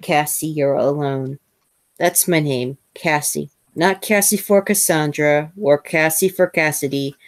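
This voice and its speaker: A woman with a low, deep-set voice reads a first-person novel aloud, measured and unhurried, now and then stumbling and restarting a phrase. The sound is dry and close, with no room around it. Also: dry recording. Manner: measured reading with small slips and restarts. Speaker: host reading a novel aloud.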